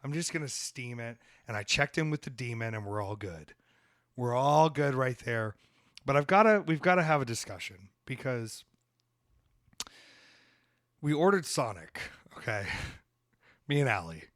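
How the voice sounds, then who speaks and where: A man from the American South, hosting a podcast and telling a story in a loose, animated way, swearing now and then. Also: mid-range voice, measured pace, pauses often, no room sound, clean studio sound. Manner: animated, swearing, acts out voices in quotes. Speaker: podcast host. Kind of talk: casual storytelling.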